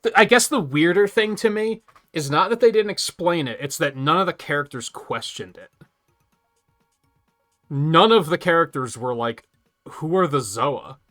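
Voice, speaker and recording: A man's voice: fairly high pitch, animated, moderate pace, pushed and bright, faint music behind. A male streamer commenting sarcastically on a game as he plays, laughing and swearing casually.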